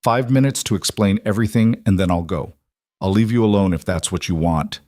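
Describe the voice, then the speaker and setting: A man's voice: on the low side, a little fast, darkish tone, no room sound, studio quality, lightly acted. A man voicing a young alpha king who pleads earnestly to be let in, in an audiobook story. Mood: pleading.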